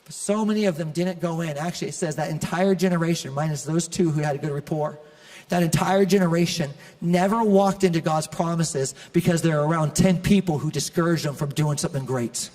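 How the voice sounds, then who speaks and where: A male pastor preaching an animated, conversational sermon with humor to a church congregation. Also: a little high, brisk, in a large hall. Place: large church auditorium.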